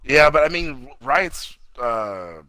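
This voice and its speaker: A man's voice: medium pitch, big pitch swings, takes it slowly, pushed and bright. A man co-hosting a casual movie review show, laid-back, with a habit of groaning and cursing in mock outrage. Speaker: movie review podcast co-host.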